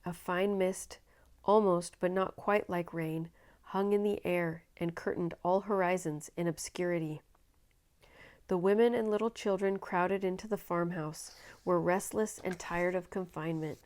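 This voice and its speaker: Woman storyteller, lower voice, expressive dramatic read-aloud of a children's novel. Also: unhurried.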